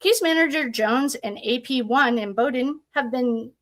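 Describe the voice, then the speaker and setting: A woman's voice: high voice, measured pace, fairly bright tone. A woman reading prison records aloud in casual commentary, breaking off often for sarcastic asides. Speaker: true crime commentator.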